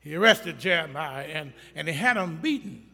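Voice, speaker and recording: Impassioned preacher, bright voice in a reverberant hall. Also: male voice, on the high side, lively intonation, moderate pace, vocal fry. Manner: impassioned, rising to loud emphatic preaching and dropping to quiet pleading; acts out scripture quotes in colloquial speech. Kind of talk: sermon.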